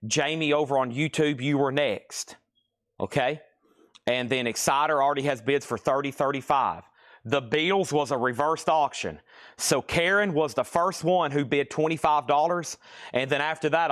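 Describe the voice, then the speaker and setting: A man hosting a live-stream record sale from a record store. He calls out items and prices briskly and repeats the details. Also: mid-range voice, a bit bright. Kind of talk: live-stream auction selling.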